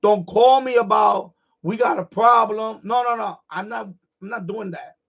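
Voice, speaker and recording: A middle-aged man hosting a live stream, ranting in a blunt, profane, animated way in casual chat. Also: high-pitched, normal speed, vocal fry, lo-fi sound.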